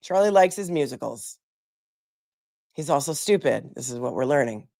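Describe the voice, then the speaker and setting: Woman attorney commentator; low register, dry sound, blunt sarcastic delivery while reading transcripts. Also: animated, moderate pace, creaky, dark tone, no echo. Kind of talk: live legal commentary, reading transcripts aloud.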